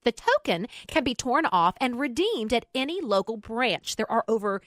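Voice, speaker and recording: A woman's voice: fairly high pitch, sing-song, moderate pace, no echo, studio quality. A woman co-hosting a radio show, chatting casually and reading listener posts aloud with her own asides. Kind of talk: casual talk radio chat.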